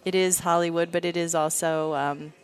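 A woman's voice: fairly low pitch, steady tone, moderate pace. A woman hosting a radio interview, bubbly and laughing often, with many fillers. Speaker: radio show host. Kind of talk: casual interview chat. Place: busy event floor.

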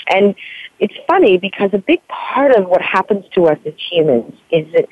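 A woman's voice: mid-range voice, sing-song, normal speed, no echo. A woman in her forties talks candidly as an interview guest. She rambles earnestly and leans on "you know" often. Her voice comes through a thin, tinny phone line with a dry, close sound. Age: 40s. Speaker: author guest. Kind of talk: candid podcast interview talk.

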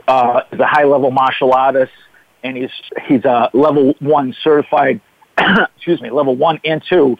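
A man's voice: medium pitch, no room sound. A man from the Boston area with a Boston accent, a fitness trainer guest chatting and joking on a call-in radio show over a remote line. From Boston area, USA. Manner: chatty, jokey, self-interrupting. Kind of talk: casual call-in radio chat. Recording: dull lo-fi radio sound.

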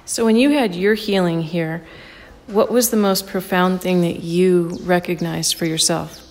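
A woman interviewer asking her guest calm, measured questions. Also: lowish voice, big-room sound.

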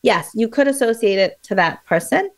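Lively woman explaining memory tricks. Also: fairly high pitch, moderate pace. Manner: animated, explanatory, with fillers and restarts. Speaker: memory expert guest. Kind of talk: casual radio interview.

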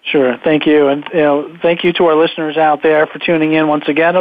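A man's voice: on the high side, little pitch movement, a little fast. A man working as guest host on a radio show. He thanks the guest and signs off the episode. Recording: dry, tinny phone-like line.

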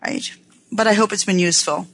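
An earnest woman hosts her radio show from a studio mic. She talks in an unhurried way and stretches out the words she wants to stress. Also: medium pitch, fairly bright tone, poor audio. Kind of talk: reflective talk-radio monologue.

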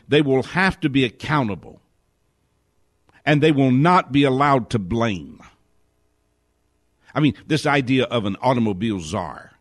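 Man, indignant commentary, slow deliberate delivery, very lively pitch, dry close sound. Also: no echo. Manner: indignant, rapid rhetorical questions. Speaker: host. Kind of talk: spoken commentary monologue.

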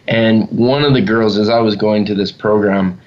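A man with a fairly low voice leads a casual chat as a youth leader. He tells earnest stories in a halting way and often stops to search for words. The recording sounds dull and lo-fi. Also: steady tone, darkish tone.

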